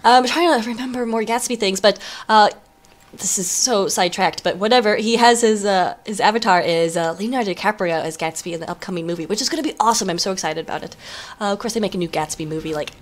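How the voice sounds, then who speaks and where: A young woman giving live play-by-play commentary on a team video game, chatty and excitable, with joking asides. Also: medium pitch, fast. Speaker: esports caster.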